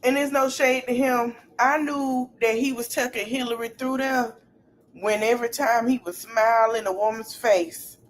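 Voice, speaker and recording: A woman hosting a casual podcast stream, talking in an animated, slangy way and repeating her phrases. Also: fairly high pitch, moderate pace, a little hiss or hum. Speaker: podcast host.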